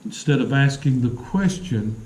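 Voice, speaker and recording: A man preaching a sermon in a church, telling stories earnestly with dramatic pauses. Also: mid-range voice, expressive, darkish tone, reverberant, rough recording. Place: church sanctuary.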